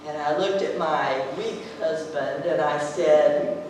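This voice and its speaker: A woman playing a scheming, scornful ancient queen in a church stage monologue, telling it theatrically with lively acted-out quotes. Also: low-pitched, slow pace, a little hiss or hum. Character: scheming, scornful ancient queen, contemptuous of her weak husband. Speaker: actor in a church drama. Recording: echoey hall from far off.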